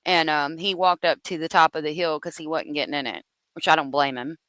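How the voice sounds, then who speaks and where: A woman's voice: low voice, steady tone, a little fast, a bit bright, dry recording. A woman hosting a casual true-crime commentary, chatty and thinking aloud as she works through the details. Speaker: host.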